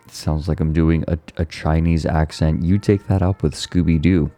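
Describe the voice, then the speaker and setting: A man's voice: very deep voice, fairly even intonation, moderate pace, mellow, soft background music. A male streamer chatting casually and sounding tired, rambling and stumbling over his words. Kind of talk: casual chat.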